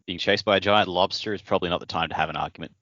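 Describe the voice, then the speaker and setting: Deep-voiced man with dry wry asides. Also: fairly even intonation, racing, sharp tone, no echo. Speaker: podcast co-host. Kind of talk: casual book discussion. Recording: dry, muffled lo-fi audio.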